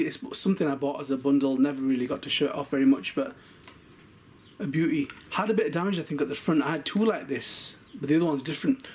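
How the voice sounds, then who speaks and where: A man chatting casually through an unboxing vlog of toy cars, talking quickly and often calling viewers "guys". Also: a little high, a little mellow. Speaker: RC car collector vlogger.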